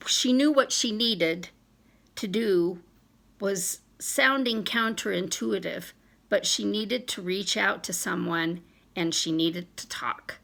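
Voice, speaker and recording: A woman's voice: mid-range voice, gravelly, sharp tone. A woman vlogger reading a self-help passage aloud in an earnest way, briefly voicing the friends she quotes. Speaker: business vlogger.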